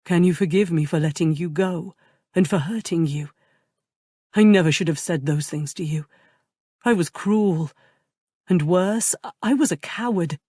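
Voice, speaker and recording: A woman voicing a tender, remorseful young nobleman in love, speaking softly and earnestly. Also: on the low side, moderate pace, pauses often, breathy edge, no echo, studio quality. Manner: soft, earnest and intimate.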